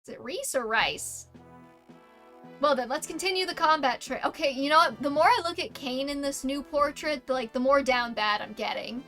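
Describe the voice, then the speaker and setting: A woman's voice: high-pitched, moderate pace, sharp tone, faint music behind. A young woman streamer giving casual, crude and sarcastic gameplay commentary.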